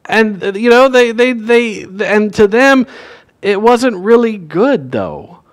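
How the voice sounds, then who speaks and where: A man's voice: sits high, expressive, slow pace. A male pastor giving a sermon in a church, telling a story in a casual way and acting out the characters' lines. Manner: conversational storytelling, acts out quoted lines. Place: church sanctuary.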